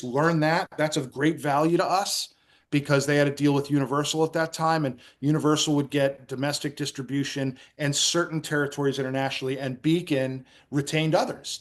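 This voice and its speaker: Man, middle-aged, from New Jersey, interview guest, animated anecdotes, frequent restarts. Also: fairly high pitch. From New Jersey, USA. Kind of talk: casual storytelling interview.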